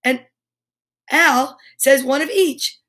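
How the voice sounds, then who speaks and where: Speaking slowly in a high-pitched, fairly bright voice, a middle-aged woman hosts a live kids' show. She's chatty, bubbly and silly, addressing viewers directly and reacting to their comments on the live stream.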